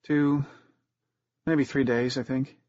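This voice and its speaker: A man voicing an injured, stubborn teenage girl who answers in clipped, guarded lines, raising his voice higher for her. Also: little pitch movement, slow, darkish tone, dry recording, lightly acted. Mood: strained. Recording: dull, muffled recording.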